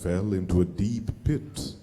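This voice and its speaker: A man narrating a play as a storyteller, steady with occasional fillers. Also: low voice, unhurried, big-room sound, a little hiss or hum.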